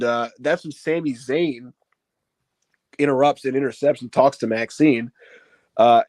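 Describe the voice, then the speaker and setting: A man recapping a wrestling show in casual chat, telling it with lots of fillers and acting out the quotes in big shouts. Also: mid-range voice, no room sound. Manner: animated retelling, acts out quotes in raised shouts.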